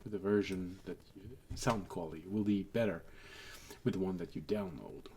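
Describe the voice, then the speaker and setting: A man's voice: low voice, moderate pace, a little mellow, a little hiss or hum. A man streaming while he draws a map, thinking aloud, muttering to himself and making dry asides to his chat over a desk microphone.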